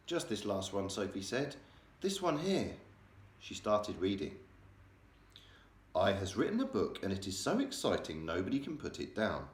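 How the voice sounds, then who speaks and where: A man's voice: lowish voice, wildly swooping pitch, normal speed, pauses often. A male primary school teacher reading a children's novel aloud, changing his voice for the characters. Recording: echoey room.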